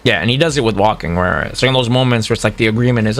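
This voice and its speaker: A man's voice: medium pitch, brisk, vocal fry, faint music behind. A man coaching on a livestream in a casual, profane way, often acting out what other players might say. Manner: animated, profane, acts out quoted players. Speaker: streamer coaching fighting games.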